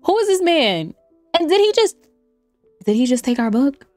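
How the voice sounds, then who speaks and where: A woman's voice: sits high, big pitch swings, moderate pace, a little mellow. A woman giving casual, playful let's-play commentary. She talks straight to her viewers, teases the game characters and laughs often. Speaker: gameplay streamer. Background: faint lo-fi music.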